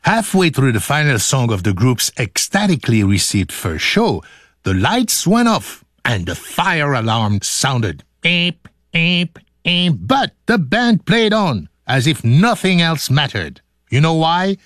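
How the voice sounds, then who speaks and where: Playful slow-talking radio host man. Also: medium pitch, sing-song, a bit bright, dry recording, studio quality. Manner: theatrical, laughing, breaks into singing and silly voices. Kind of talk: playful radio hosting with outtakes.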